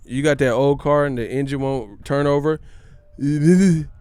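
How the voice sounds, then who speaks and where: A man's voice: mid-range voice, fairly even intonation, moderate pace, a little mellow, clean tone, no room sound. A man hosting a casual commentary vlog on his channel, slangy and joking, laughing often. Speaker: boxing channel host.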